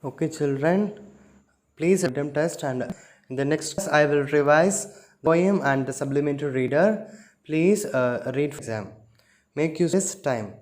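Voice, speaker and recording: A male school teacher with an Indian English accent, leading a slow, careful revision lesson and explaining word meanings one by one. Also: on the high side, a little mellow.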